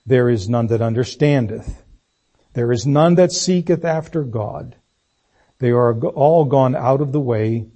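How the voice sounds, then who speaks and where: A man preaching a sermon, reading scripture and praying in a deliberate, emphatic way. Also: mid-range voice, mellow. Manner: slow, deliberate, emphatic delivery.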